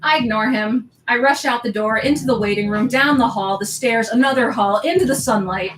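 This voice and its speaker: A woman's voice: a little high, fairly quick, a bit bright, a little hiss or hum. A woman livestreaming as she reads her diary aloud, stopping for asides and laughing often between lines. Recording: roomy echo, faint music behind.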